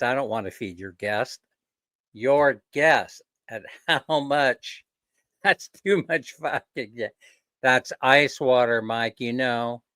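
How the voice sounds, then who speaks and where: Male host, clear crisp voice, unhurried, jokey live-stream banter with frequent chuckles. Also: mid-range voice, bright, forceful tone, dry recording. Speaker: livestream host. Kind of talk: casual live-stream chat.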